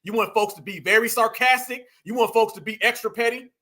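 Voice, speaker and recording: A man's voice: very high voice, steady tone, a little fast, few pauses, pushed and bright. A man hosting a casual reaction commentary, mocking and laughing as he talks to viewers he calls family. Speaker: commentary show host.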